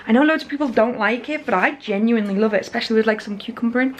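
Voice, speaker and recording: A woman's voice: fairly high pitch, quick pace, a little hiss or hum, rough recording. A woman vlogger chatting casually and rambling, self-deprecating, while suffering from a migraine. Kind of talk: casual chat vlog.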